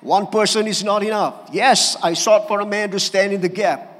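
A male pastor, preaching an animated sermon and calling for amens. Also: high-pitched, moderate pace. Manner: animated preaching with calls for amen. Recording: church hall reverb.

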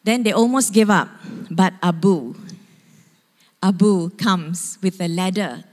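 A woman pastor preaching a sermon as she retells a story with animated storytelling. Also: on the low side, takes it slowly, pauses often. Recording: long hall reverb.

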